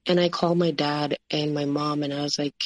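A woman's voice: low voice, flat delivery, brisk, dry recording. A woman telling her personal story as an interview guest, full of fillers and quoted dialogue. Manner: recounting with many "like" and "you know" fillers, quoting others.

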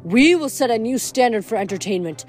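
A vain male giant who runs a deadly show and barks orders at his brother, as a woman reads him aloud. He speaks high and loud, snapping and demanding with theatrical flair. Soft music plays faintly behind the storybook reading. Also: expressive, fairly quick, lightly acted. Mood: bossy. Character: pompous male giant showman, bossy and theatrical.

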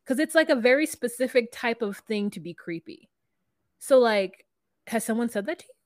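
A woman's voice: a little high, moderate pace, no echo, clean studio sound. A woman co-hosting a podcast, chatting casually about a reality show and mimicking its people. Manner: animated, laughs, mimics people she discusses. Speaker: podcast co-host. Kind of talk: casual recap chat.

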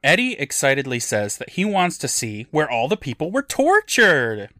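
A man's voice: a little high, wildly swooping pitch, moderate pace, bright, forceful tone, dry recording, studio quality. A man co-hosting a podcast, recapping a TV episode in casual, joking chat with some swearing. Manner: swearing, laughing, retelling scenes. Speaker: podcast co-host.

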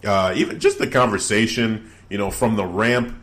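Low-voiced man in rambling wrestling chat. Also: moderate pace. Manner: relaxed, rambling with many fillers. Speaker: podcast co-host.

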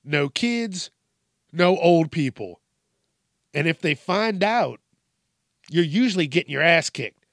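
Slow, outraged man swearing through the news. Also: fairly high pitch, animated, a bit bright, no room sound, clean studio sound. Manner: outraged, heavy swearing, emphatic repetition. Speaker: podcast host reacting to news articles. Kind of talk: profane news commentary.

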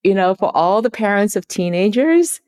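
A woman's voice: medium pitch, expressive, normal speed, darkish tone, clean tone. A woman guest in a conversational interview, talking earnestly and acting out quoted lines. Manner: earnest, acts out quoted dialogue.

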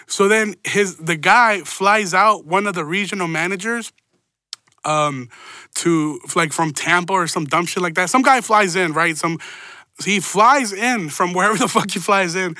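A man's voice: sits high, normal speed, pushed and bright, no room sound. A man telling a rambling, profane story in a casual monologue, with laughing asides.

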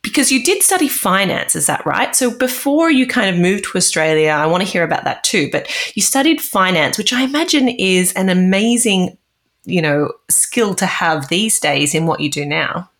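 A woman's voice: on the low side, very animated, normal speed, fairly bright tone. A woman hosting a casual interview, effusive and encouraging toward her guest. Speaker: host.

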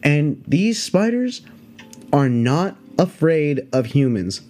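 A man's voice: fairly high pitch, very animated, slow pace, darkish tone. A man hosting a podcast, telling a story in a casual, rambling way full of swearing and fillers. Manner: profane, rambling, filler-heavy. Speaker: podcast host.

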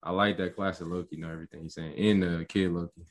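A man's voice: low voice, fairly even intonation, fast talker. A man reacting in casual chat, slangy and laughing often. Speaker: podcast co-host.

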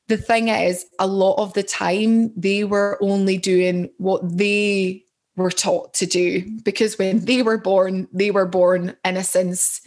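A woman's voice: mid-range voice, fairly even intonation, a little slow, darkish tone. A middle-aged British woman, a mother and personal growth coach, giving an earnest, conversational motivational talk and often checking in with "right?".

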